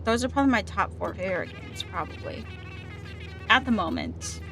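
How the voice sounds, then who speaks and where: A woman's voice: medium pitch, animated, moderate pace, pushed and bright, a little hiss or hum. A woman gaming streamer chatting casually with her livestream, reading chat aloud and often repeating herself.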